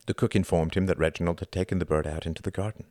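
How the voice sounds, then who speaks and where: A man reading an audiobook in a measured, deliberate style. His voice sits very low. The recording is close and dry, with no room sound. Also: fairly even intonation, dark tone, no echo. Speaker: audiobook narrator. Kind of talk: scripted narration.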